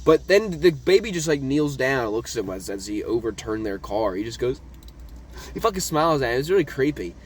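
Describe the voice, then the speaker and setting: A young man giving a casual, profane rant about a TV episode from his notes, excitable and laughing, swinging from loud high outbursts to low mumbles. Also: a little fast, breathy edge. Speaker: vlogger reviewing a TV episode.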